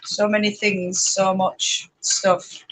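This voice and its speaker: In her casual live chat, a Yorkshire-accented spinning vlogger from northern England rambles, responds to viewers, and laughs a lot. Her medium-pitched voice stays fairly level at a slow pace, and the recording quality is low.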